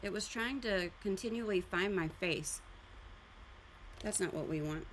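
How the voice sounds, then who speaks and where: A woman's voice: medium pitch, a little slow, a little hiss or hum. Chatty woman hosting a live drawing session. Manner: chatty, rambling, explains as she goes. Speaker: art livestream host. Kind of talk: casual live drawing demonstration. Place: art studio.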